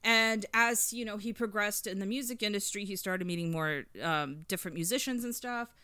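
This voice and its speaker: A woman's voice: mid-range voice, normal speed, bright, forceful tone, clean tone, no echo. A woman in her thirties casually chatting on a podcast about music, rambling with lots of fillers and eager storytelling. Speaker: podcast co-host reviewing an album.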